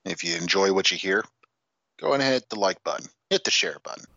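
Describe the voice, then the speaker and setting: A man's voice: low voice, animated, fairly quick, creaky, pushed and bright, no room sound, dull audio. A man co-hosting a podcast in casual chat, playful and wry. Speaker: podcast co-host.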